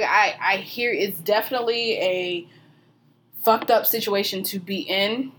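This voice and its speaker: A woman's voice: fairly low pitch, fairly bright tone, a little hiss or hum. A young woman co-hosting a podcast, talking bluntly and candidly in casual chat, swearing freely. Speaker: podcast co-host.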